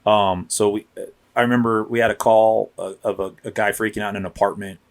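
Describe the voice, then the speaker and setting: A police officer in his thirties rambles through stories on a casual podcast, restarting sentences and acting out quotes. His voice is fairly low with little pitch movement, and he talks fairly quickly.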